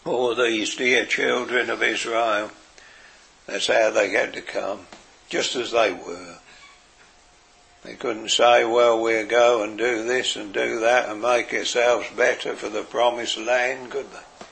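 A man preaching a sermon in an earnest way, dropping his voice softly for quoted words. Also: medium pitch, gravelly. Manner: slow, earnest preaching with soft, quiet quoted phrases.

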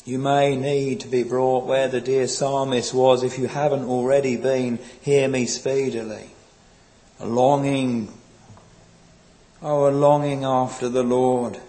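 A man preaching a sermon in a slow, earnest, pleading way, quoting old scripture. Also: medium pitch, level tone, warm tone, poor audio.

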